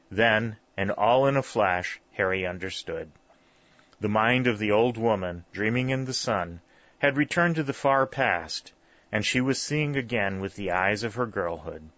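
A man narrating a story in a steady, measured reading. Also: lowish voice, dry recording. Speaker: audiobook narrator. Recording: dull, lo-fi dry recording.

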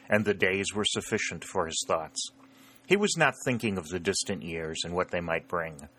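A man narrates a novel in a steady, measured reading. His voice is fairly low, with a bright, forceful tone. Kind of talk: storybook narration.

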